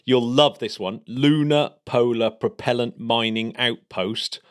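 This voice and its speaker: A man's voice: medium pitch, a little slow, clear, resonant tone. A man co-hosting a casual space podcast, rambling enthusiastically through the week's news. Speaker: podcast co-host.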